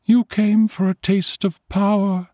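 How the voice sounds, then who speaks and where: A man's voice: high voice, little pitch movement, unhurried, dark tone, no room sound, studio quality, pitched above the performer's own voice. A man voicing a cold, seductive male vampire in a thin, ringing voice, as part of a story reading. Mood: pleading.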